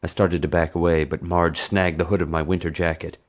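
A man's voice: low-pitched, little pitch movement, brisk. A man narrating a children's adventure audiobook in a dry storytelling manner. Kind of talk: scripted narration.

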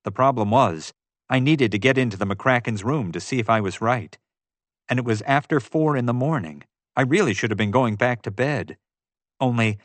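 Male audiobook narrator, low pitch, measured first-person delivery, dry sound. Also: no echo.

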